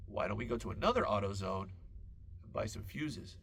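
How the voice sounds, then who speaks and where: A man hosting a podcast, telling a long comic story in a casual, profane and animated way. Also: fairly low pitch, moderate pace, a little hiss or hum. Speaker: podcast host.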